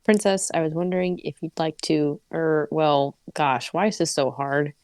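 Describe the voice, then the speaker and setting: Low gravelly woman reading aloud. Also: steady tone, moderate pace, darkish tone, dry recording. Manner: reads prose evenly, breaks off laughing and joking. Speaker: podcast co-host reading a story aloud. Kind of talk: casual read-aloud with chat.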